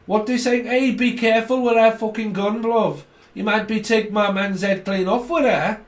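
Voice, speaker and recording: A man voicing a cheeky, swearing young man with a Liverpool accent, loud and high-pitched. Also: fairly even intonation, moderate pace, close to an everyday voice. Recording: roomy, distant mic.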